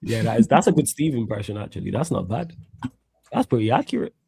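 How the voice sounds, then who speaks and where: Here is a man hosting a casual live stream. His talk is laid-back and full of laughing banter and slang. His voice sits at a middle pitch. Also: big pitch swings, fast, gravelly, warm tone, husky. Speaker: host.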